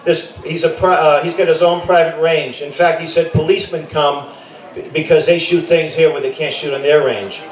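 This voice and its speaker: High-voiced middle-aged man, echoey and distant. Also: fairly even intonation, normal speed. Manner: rambling, with frequent self-corrections and joking asides. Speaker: camp director speaking at a rally. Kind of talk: informal rally speech.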